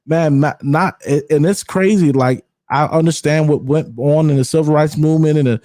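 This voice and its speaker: A man's voice: on the high side, moderate pace, warm tone, no echo, clean studio sound. A man hosting a podcast in casual conversation, talking candidly and emphatically with slang and repeated words. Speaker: podcast host.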